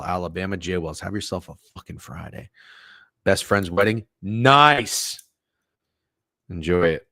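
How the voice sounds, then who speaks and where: A young man hosting a live sports betting stream, chatting with viewers in a profane, animated way. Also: deep voice, dry recording, studio quality. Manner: animated, swearing, talks to chat. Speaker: sports betting show host.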